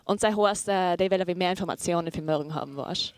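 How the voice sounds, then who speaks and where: A woman's voice: fairly low pitch, fast talker, clear, resonant tone. Chatty Austrian-accented woman. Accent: Austrian German. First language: Austrian German. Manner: chatty, laughs easily. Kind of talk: casual stream co-commentary chat.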